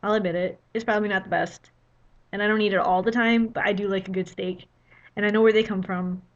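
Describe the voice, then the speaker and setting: A woman's voice: medium pitch, fairly even intonation, fast, highs cut off. A young woman telling a travel story in a casual vlog, chatty and full of "you know" fillers. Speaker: vlogger.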